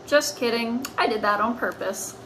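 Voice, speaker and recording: A woman voicing mischievous house cats from a comic strip, reading their lines slowly in a sing-song way. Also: on the high side, sharp tone, slight background noise, low-quality recording. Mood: playful. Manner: slow, drawn-out, sing-song reading of speech bubbles.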